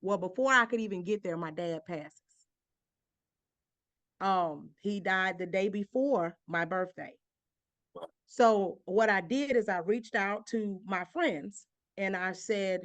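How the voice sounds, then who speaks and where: A woman with a drawl gives an emotional testimony as an interview guest. She builds her points through repetition, her voice rising higher as her feeling swells. The sound is close and dry, with no room echo. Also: slow, fairly bright tone. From Georgia, US. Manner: impassioned, repeats phrases, voice climbs when stirred. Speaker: interview guest, author and minister.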